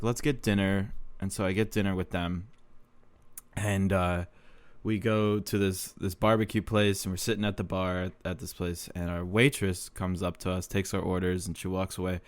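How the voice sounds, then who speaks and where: Low-pitched young male podcast host, dry close sound, rambling and foul-mouthed, self-mocking. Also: clean tone, no echo. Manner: rambling, profane, self-deprecating, laughs often. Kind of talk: casual storytelling monologue.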